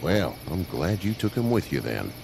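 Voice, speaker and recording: Weathered old farmer, gravelly and low. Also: male voice, sing-song, heavily acted. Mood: wary. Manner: slow, folksy, measured. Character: weathered older male farmer, wary but kind. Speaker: farmer offering shelter. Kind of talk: game voice acting. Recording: game audio with loud cricket noise. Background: crickets and night ambience.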